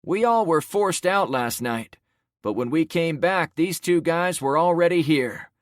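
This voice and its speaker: A man's voice: a little high, animated, measured pace, no echo, studio quality, pitched above the performer's own voice. A man voicing a shaken neighbor reporting a crime to a crowd, urgent and raised.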